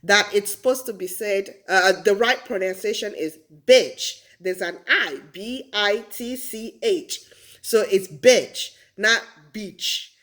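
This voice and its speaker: A woman from Nigeria with a Nigerian accent, telling lively stories in a casual vlog and laughing often. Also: mid-range voice, unhurried. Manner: animated, laughs often, acts out quotes. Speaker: vlogger.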